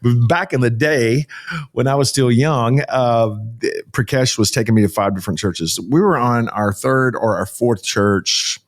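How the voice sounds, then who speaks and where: A pastor, a man from Texas, telling a story as a podcast guest in a folksy, animated way. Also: mid-range voice, unhurried. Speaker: pastor and ministry founder, guest.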